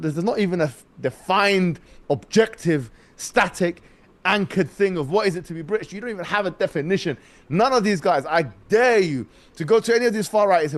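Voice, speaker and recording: A man with a high voice argues on a podcast, talking in a lively, mocking way. He laughs as he goes and mimics the people he is criticizing. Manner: mocking, mimics opponents, laughs while arguing. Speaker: debater guest. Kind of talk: animated podcast argument.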